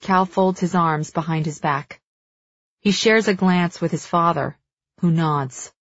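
A woman reads dramatic first-person fiction as an audiobook narrator, keeping a measured pace and slowing down when the tension rises. Her voice is lowish, and the recording is dry with the highs cut off.

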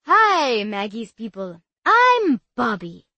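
A woman's voice: fairly high pitch, wildly swooping pitch, takes it slowly, pushed and bright, no room sound, dull audio, full character voice. A woman voicing a gushing, overexcited boy. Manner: breathless, effusive, sing-song.

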